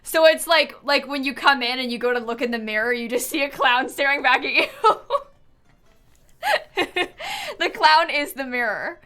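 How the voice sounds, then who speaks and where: A woman's voice: high voice, normal speed, a bit bright. A woman streamer chatting casually while she builds in a game, thinking aloud with lots of fillers and frequent giggles, and yawning now and then. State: yawning, tired.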